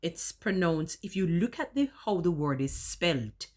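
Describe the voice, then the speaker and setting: A woman's voice: fairly low pitch, expressive, normal speed, a little mellow. A woman talking casually in a vlog, choosing elaborate words and savouring how she says them.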